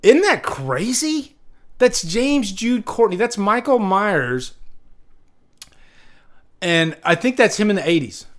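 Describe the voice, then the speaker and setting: A man's voice: high voice, very animated, slow, long pauses. A man hosting a casual livestream, rambling in a laid-back way and swearing casually. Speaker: livestream host.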